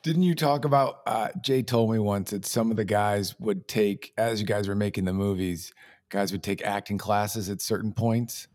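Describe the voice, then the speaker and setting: Man, podcast co-host, curious follow-up questions, lowish voice, dry sound. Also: moderate pace, darkish tone, no echo. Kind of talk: casual interview conversation.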